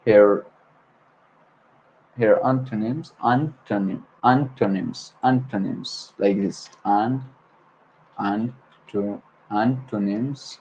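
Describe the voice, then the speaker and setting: Slow low-voiced man drilling words. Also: a little mellow, husky, highs cut off. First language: Arabic. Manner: repeats words over and over, stumbles and corrects himself. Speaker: language learner hosting a livestream. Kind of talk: solo livestream vocabulary practice.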